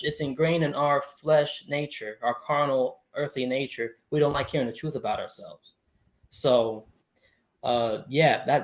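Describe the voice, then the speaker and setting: A young man as a podcast guest, talking in an earnest, thoughtful way with frequent chuckles. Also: medium pitch. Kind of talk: reflective faith talk.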